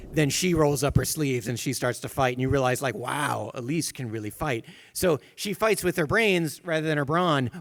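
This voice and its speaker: A man's voice: fairly high pitch, dry recording. A man game designer explaining a character on a convention panel, hedging with sort of and kind of. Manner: explanatory, hedging with filler words.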